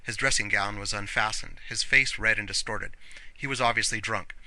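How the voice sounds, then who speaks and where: A man reading a novel aloud as an audiobook narrator in an earnest, measured way. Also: on the low side, fairly even intonation, bright, forceful tone, dry recording, rough recording.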